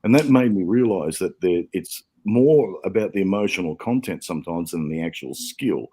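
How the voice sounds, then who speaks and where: A man with a very deep voice talks as a guest on a podcast. He explains his views in a reflective, thoughtful way. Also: animated, normal speed, mellow, slight background noise. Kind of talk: casual chat.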